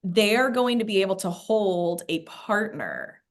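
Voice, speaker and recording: A woman's voice: medium pitch, animated, unhurried. A woman in casual, heartfelt conversation, talking earnestly with many fillers and growing emotional.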